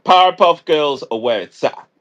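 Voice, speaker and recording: A man appearing as a guest on a casual livestream, telling stories in an excitable way. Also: fairly high pitch, moderate pace, muffled recording. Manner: excitable, animated storytelling.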